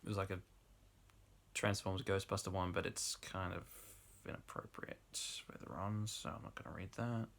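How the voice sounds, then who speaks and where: A low-pitched young man gives a comic reading of trashy fiction. He laughs his way through the lines and drops into relaxed, offhand remarks between excerpts. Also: normal speed, vocal fry. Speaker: host reading fan fiction aloud. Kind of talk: comic dramatic reading with asides.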